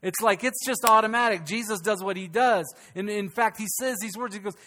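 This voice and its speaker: A pastor delivering a sermon during a church service, preaching emphatically and swinging from loud peaks to hushed lines. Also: male voice, high-pitched, fairly quick.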